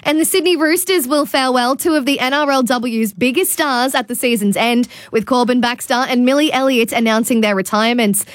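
Female radio newsreader, crisp and even, slightly high voice, dry studio sound. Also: brisk, few pauses, no room sound. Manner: crisp, even news delivery. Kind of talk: radio news bulletin.

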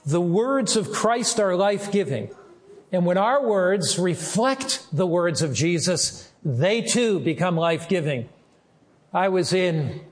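Earnest older male pastor preaching. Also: a little high. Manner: earnest and measured, slowing down to stress key words. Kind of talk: sermon.

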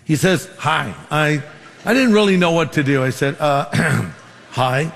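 Male pastor, sermon, lively storytelling, slightly high voice, long hall echo. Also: moderate pace, gravelly, slight background noise. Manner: storytelling with quoted dialogue, numbered points.

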